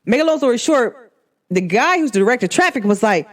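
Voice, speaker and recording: A woman hosting her own show, telling a story in an animated, emphatic way and punctuating it with sharp interjections. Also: fairly high pitch, fast talker. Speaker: podcast host. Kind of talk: storytelling monologue.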